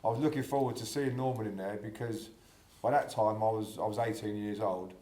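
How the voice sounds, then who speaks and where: A man's voice: fairly low pitch, steady tone, fairly quick, warm tone. A man recalling the past in an interview, hesitant and full of fillers. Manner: hesitant, fills with um and sort of. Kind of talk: casual interview recollection. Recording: echoey room.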